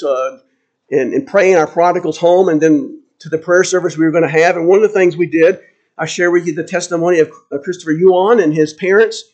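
A man's voice: high voice, darkish tone. A man preaching a sermon to his congregation, earnest and emphatic, often repeating key phrases for weight. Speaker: pastor.

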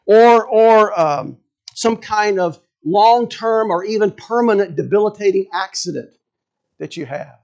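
A man's voice: sits high, unhurried, a little mellow, dull audio. A man preaching a sermon in a conversational way, restarting phrases and asking rhetorical questions. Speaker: pastor.

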